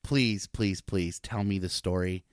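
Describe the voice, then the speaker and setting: A man's voice: sits low, steady tone, unhurried, dry recording, studio quality. A man hosting a podcast in casual chat, eager and pushy with his guest. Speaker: podcast host.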